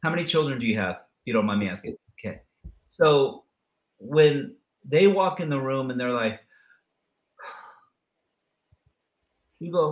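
A middle-aged man guest in a motivational interview who tells lively stories and acts out the people in them with changing voices. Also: mid-range voice, slow, pauses often, echoey room. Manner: lively storyteller acting out dialogue with voice changes. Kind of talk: animated motivational interview talk.

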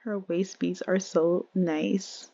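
A woman narrates her life-simulation gameplay in a chatty, easygoing manner, often calling out to her viewers. Her voice sits slightly low. The sound is a little dull and very dry, close to a home desk mic. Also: steady tone, slow pace, creaky, warm tone, breathy edge, no room sound. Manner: chatty, addresses viewers as y'all. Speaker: game streamer. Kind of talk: casual let's-play commentary.

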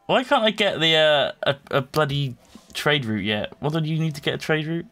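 A man's voice: a little high, big pitch swings, brisk, fairly bright tone, faint music behind. An easygoing man chatting while playing a strategy game with friends. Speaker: game player. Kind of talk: casual game chat.

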